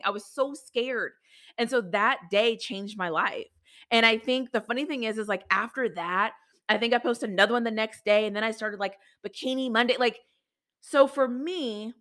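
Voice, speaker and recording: A woman's voice: medium pitch, bright, forceful tone. A woman in her thirties hosting a podcast, telling a candid personal story in a chatty, filler-heavy way and swearing casually. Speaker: podcast host.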